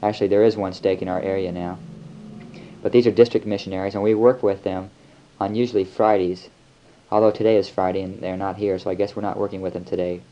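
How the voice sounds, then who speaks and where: Deep, dark, and fast, this young American man's voice shows little pitch movement as he chats his way through an audio letter. The missionary sounds easygoing and rambling, taped at his flat on an old lo-fi home recording with a faint hiss.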